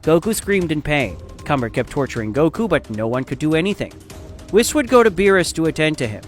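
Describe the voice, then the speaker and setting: A man narrating a fan story in a steady, dramatic storytelling style. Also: fairly high pitch, brisk, soft background music.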